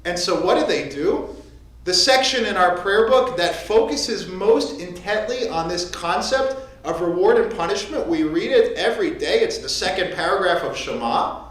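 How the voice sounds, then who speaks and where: Lively rabbi in an echoey sanctuary. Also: medium pitch, normal speed. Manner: conversational, joking. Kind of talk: sermon. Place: synagogue sanctuary.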